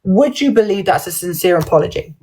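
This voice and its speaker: Animated woman livestreamer. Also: medium pitch, fairly quick, poor audio. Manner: animated storytelling, acts out quoted voices. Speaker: livestream host. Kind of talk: heated livestream chat.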